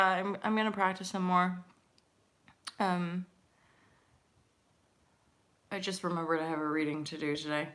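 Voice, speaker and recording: A woman's voice: medium pitch, fairly bright tone. A woman hosting a casual live stream with tarot readings, rambling and chatty, swearing lightly and laughing often. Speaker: host doing live intuitive tarot readings.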